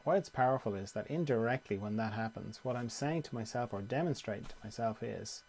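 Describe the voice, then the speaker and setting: A man teaching meditation in a calm, conversational way, often repeating phrases. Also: mid-range voice, a little fast, hardly any pauses. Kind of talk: guided meditation talk.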